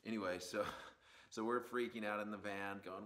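Podcast host, male, slightly low register; loose, rambling storyteller with plenty of "um" and "like". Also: moderate pace. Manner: animated, rambling anecdote with many fillers and asides. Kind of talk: casual storytelling.

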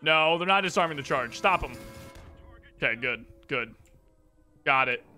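A man commentating his own shooter gameplay, excitable and reactive, with game gunfire behind him. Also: fairly high pitch, a little slow, soft background music. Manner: excitable, reactive, jokey, exclaims often. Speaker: gaming channel host. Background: gunfire and explosions from the game.

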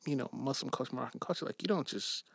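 Casual storyteller: man, gravelly, dry close mic, acts out people, loose and profane. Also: medium pitch, racing, no echo. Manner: animated storyteller, acts out voices, swears freely. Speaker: guest.

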